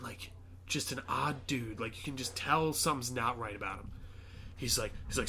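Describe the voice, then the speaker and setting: A man hosting a podcast, chatting casually and excitedly retelling a movie with lots of fillers. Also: mid-range voice, fast. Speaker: podcast host. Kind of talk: casual chat.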